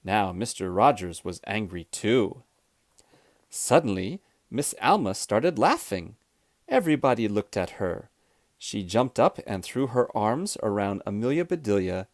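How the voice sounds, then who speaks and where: A man reading a children's storybook aloud, clear, expressive and deliberate. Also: lowish voice, dry recording, clean studio sound. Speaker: storybook reader.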